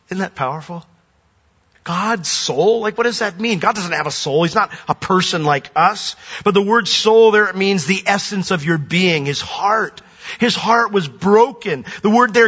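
A man's voice: fairly high pitch, fairly bright tone, slightly rough. Earnest older man preaching in a hall. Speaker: pastor. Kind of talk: sermon. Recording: dull reverberant hall.

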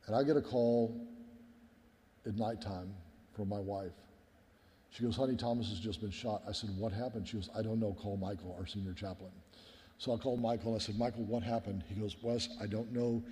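A man's voice: on the low side, darkish tone. A middle-aged man, a pastor, giving a sermon as an earnest personal story and often calling his listeners "guys.". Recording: long hall reverb.

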